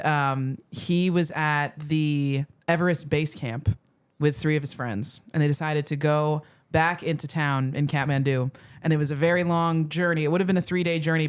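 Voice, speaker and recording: Woman comedian, podcast guest, clear smooth voice, meandering casual storyteller. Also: low voice. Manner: rambling anecdote full of "like" and "um" fillers.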